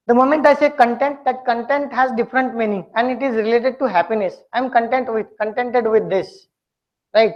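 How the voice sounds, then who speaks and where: A woman teaching a pronunciation lesson, speaking slowly and deliberately and repeating words for her students to copy. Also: on the high side. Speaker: English communication skills teacher. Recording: dull lo-fi lecture recording.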